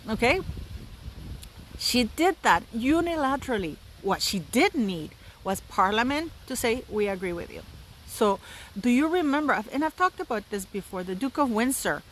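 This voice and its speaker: A woman in her fifties delivers opinionated solo commentary in a fairly high voice. She presses her points hard and repeats words for stress, sounding indignant. Faint noise hums behind her. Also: poor audio. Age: 50s. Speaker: commentary channel host.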